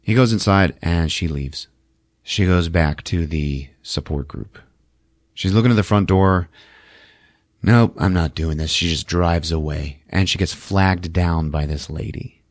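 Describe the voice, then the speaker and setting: Low-voiced man recapping a film. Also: measured pace, no room sound, clean studio sound. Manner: loose, profane storytelling with lots of fillers. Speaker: podcast host. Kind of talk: casual movie recap.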